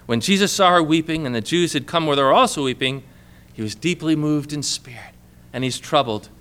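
A man's voice: on the high side, brisk, a bit bright, clean tone. A man preaching a sermon to a congregation in a church, in a conversational way, asking many questions and calling for amens. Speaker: pastor.

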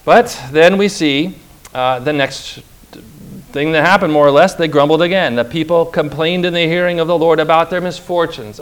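A man preaching a sermon, retelling scripture in a lively way and acting out the people's complaints in quoted voices. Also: on the high side, a little fast, smooth.

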